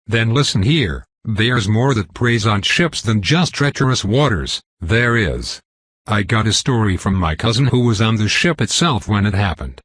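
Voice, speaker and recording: Grouchy older riverboat pilot with a Southern accent, folksy and rambling, a man reading him, low husky voice. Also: animated, moderate pace, fairly bright tone, dry recording. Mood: boastful. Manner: rambling, folksy and self-important.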